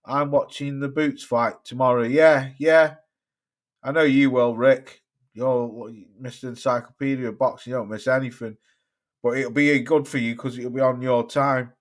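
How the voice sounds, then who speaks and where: A man's voice: mid-range voice, steady tone, normal speed. A man with a mixed Cheshire and Staffordshire accent hosting a boxing livestream, chatting casually with viewers, rambling and swearing often. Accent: mixed Cheshire and Staffordshire English. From Cheshire, England. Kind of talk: casual live-stream chat reading viewer comments.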